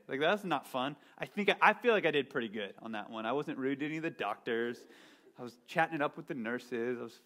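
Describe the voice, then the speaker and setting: Guy preaching casually, jokey stories about himself, voice a bit on the high side, keeps saying right?. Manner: self-deprecating storytelling, animated, lots of "right?". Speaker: pastor. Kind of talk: conversational sermon.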